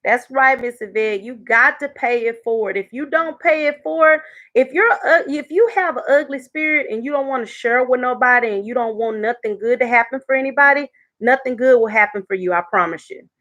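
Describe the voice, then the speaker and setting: A woman talks casually to her viewers on a live stream. Her voice sits fairly high, and she laughs often between thoughts. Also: a little fast, a bit bright, lo-fi sound. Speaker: YouTube live host.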